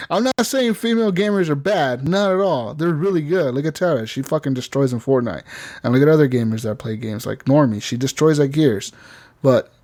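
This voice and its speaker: A man's voice: a little high, lively intonation, moderate pace, darkish tone. A man hosting a gaming podcast, chatting casually, rambling with frequent laughs and swearing. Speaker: podcast host.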